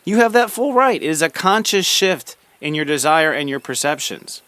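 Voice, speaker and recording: A man hosting a daily spiritual talk, gently encouraging the listener and calling them friend. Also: a little high, animated, moderate pace, dry recording. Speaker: spiritual podcast host.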